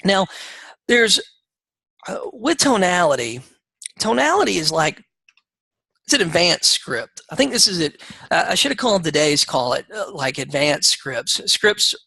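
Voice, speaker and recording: A man's voice: high-pitched, sing-song, a little slow, gravelly, sharp tone, husky, no echo, poor audio. A man with a Southern accent coaching real estate agents on a group call, rambling and conversational with lots of fillers.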